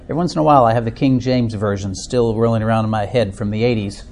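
A man's voice: on the low side, quick pace, hardly any pauses, a little mellow. A middle-aged man from Minnesota with an Upper Midwest American accent, leading an informal church discussion group in a chatty, self-deprecating way with frequent fillers. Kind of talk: informal talk to a small group.

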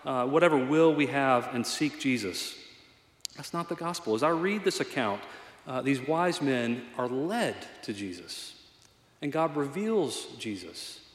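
A man preaching a sermon as a pastor, conversational and earnest, with a self-deprecating touch. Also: a little high. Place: church sanctuary. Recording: echoey hall reverb.

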